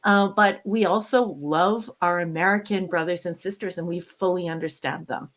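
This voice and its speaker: A woman's voice: lowish voice, normal speed. A Canadian woman in her fifties, a guest on a podcast, chatting casually and animatedly and laughing often.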